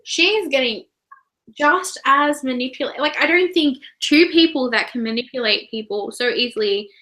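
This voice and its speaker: A woman with an Australian accent hosts a casual book discussion on her channel, reviewing books in a chatty, giggly, animated retelling. Her voice is high-pitched at normal speed, and the recording is low quality.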